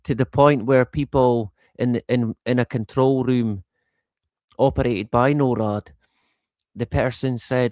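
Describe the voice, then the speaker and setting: Man, livestream host, casual rambling monologue, frequent laughs, mid pitch, dry close sound. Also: steady tone, a little slow, darkish tone, no echo. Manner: rambling and conversational, laughs often, swears.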